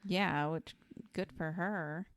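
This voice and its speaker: A woman's voice: lowish voice, steady tone, slow pace, dry recording, studio quality. A woman co-hosting a casual movie podcast, giving wry, amused reactions. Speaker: podcast co-host.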